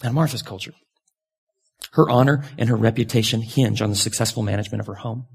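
A pastor preaching in a loose, conversational way, his voice heavy with gravel and grit. The tone runs husky and a little rough, and now and then he leaps upward in pitch for emphasis. It is a man speaking frankly to a congregation. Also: fast. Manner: conversational and candid, with sudden lively jumps in pitch. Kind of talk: sermon.

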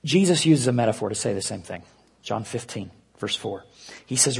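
A man preaching an earnest sermon, dropping to a hush and slowing down to stress key points. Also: on the low side, lively intonation, vocal fry, slightly rough. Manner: earnest preaching with hushed, slowed emphasis. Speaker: pastor.

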